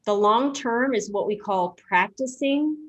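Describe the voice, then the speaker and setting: A woman's voice: fairly high pitch, unhurried. A middle-aged woman talks casually as a podcast co-host. She tells stories in an easy, rambling way, sprinkling in "you know" and "like". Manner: chatty storyteller, frequent "you know". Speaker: podcast co-host, dental hygienist. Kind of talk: casual chat.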